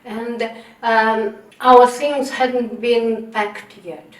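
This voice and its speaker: Older Russian-accented woman, halting and earnest. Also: mid-range voice, a little hiss or hum. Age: 60s. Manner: earnest, halting, frequent hesitations. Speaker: devotee sharing testimony. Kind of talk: personal testimony. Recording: roomy, distant mic.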